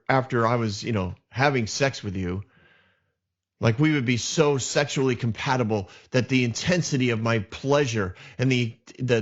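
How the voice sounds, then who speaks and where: A man's voice: mid-range voice, muffled recording, natural voice. A man voicing an arrogant, self-pitying young prince who blames everyone else, talking in a petulant, rambling way.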